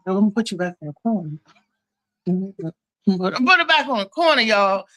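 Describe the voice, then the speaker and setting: Bright, lively woman hosting a live chat. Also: mid-range voice, a little fast. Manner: animated, loud exclamations. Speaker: host. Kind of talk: casual live-stream chat.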